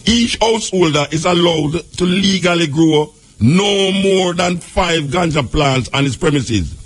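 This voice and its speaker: A man's voice: a little high, animated, a little slow. A Jamaican man hosting a talk show, reading a legal text aloud and breaking into loose patois asides. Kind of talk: reading a law aloud with commentary.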